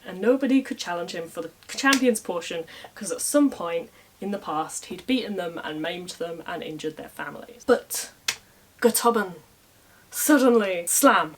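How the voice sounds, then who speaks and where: A woman's voice: medium pitch, a little hiss or hum. A woman casually retelling a medieval story with wry, irreverent asides in modern slang.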